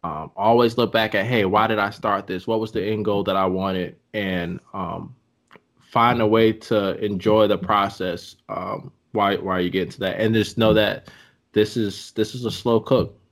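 A man hosting a casual podcast, giving reflective advice in a halting way with many ums. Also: fairly low pitch, steady tone. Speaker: podcast host.

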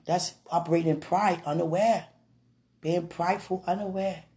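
Effusive, prayerful woman with a lowish voice. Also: fairly even intonation, moderate pace, mellow. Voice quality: effusive, breaks into prayer and laughter, repeats "Oh, God". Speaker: Christian ministry vlogger. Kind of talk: emotional, prayerful chat to viewers.

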